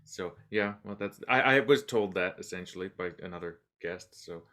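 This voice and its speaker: Musing low-voiced podcast host. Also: male voice, normal speed, bright, forceful tone. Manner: musing, self-deprecating, trails off with "but anyway". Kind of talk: casual interview chat.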